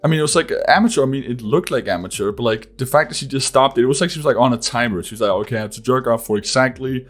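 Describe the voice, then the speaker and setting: A man's voice: medium pitch, racing, hardly any pauses. Rambling, profane male podcast host. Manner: rambling, profane, frequent laughing and "like". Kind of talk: casual podcast chat.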